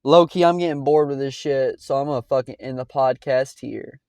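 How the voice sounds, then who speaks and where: A man's voice: mid-range voice, normal speed, darkish tone, no room sound. A man hosting a podcast, reacting to clips in a blunt, profane, ranting way. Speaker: podcast host. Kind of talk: casual reaction commentary.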